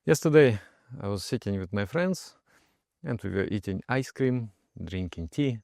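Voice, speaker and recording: Gravelly meditation teacher telling stories. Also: male voice, fairly low pitch, normal speed, no room sound, clean studio sound. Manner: expressive, emphatic, with frequent hesitations. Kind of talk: personal storytelling talk.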